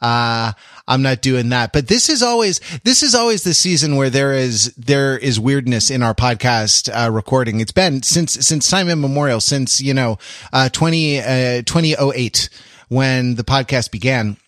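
A man hosting a podcast, talking casually and rambling through fillers and restarts. His voice sits at an ordinary middle pitch. The sound is close and dry, with no room to it. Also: moderate pace, a bit bright, dry recording. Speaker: podcast host. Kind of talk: casual chat.

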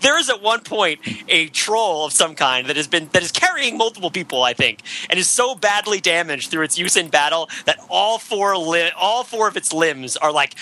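A man chatting casually about a movie, excitable and laughing, breaking into mock heavy-metal narration. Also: high-pitched, normal speed, hardly any pauses. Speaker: podcast panelist. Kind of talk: casual movie review chat.

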